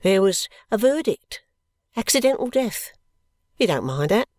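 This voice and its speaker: A reader voicing a scheming, sentimental young male law clerk who talks in a confiding, often hushed and whispery way. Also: mid-range voice, big pitch swings, a little slow, dry recording, voice pushed up. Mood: hearty.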